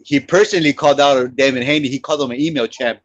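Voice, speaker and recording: A man's voice: mid-range voice, quick pace, dry recording, muffled recording. A man on a live sports panel, insistent, repeating himself as he argues his point. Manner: insistent, repeats words when pressed. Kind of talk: heated live sports talk.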